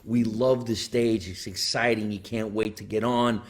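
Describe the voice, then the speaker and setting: A man's voice: fairly low pitch, steady tone, normal speed. A man hosting a comedy podcast live, chatting casually, joking, laughing a lot and swearing freely. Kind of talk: casual live-stream chat. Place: basement studio.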